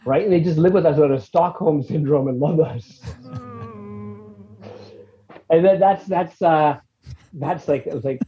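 A man in casual chat, describing a music track at length in a rambling, animated way, acting out his own reactions. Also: fairly high pitch, a little slow, long pauses, highs cut off. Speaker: guest reviewing a music track.

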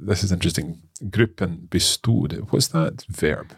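Male learner-host, gravelly low voice, halting, thinks aloud. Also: lively intonation, no echo, clean studio sound. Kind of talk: casual language lesson.

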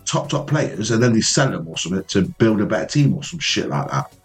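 A man's voice: on the low side, expressive, fairly quick, faint music behind. A man with a British accent on a casual podcast, ranting animatedly and swearing. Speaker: podcast co-host.

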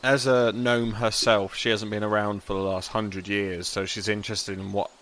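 Bright-voiced man running a tabletop game. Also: fairly low pitch, flat delivery, moderate pace, slight background noise. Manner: casual, swearing, laughs easily. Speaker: game master.

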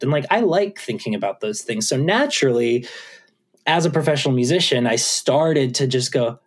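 A man who is a musician, chatting casually as an interview guest, animated and swearing, acting out his own thoughts. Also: medium pitch, moderate pace, husky. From USA.

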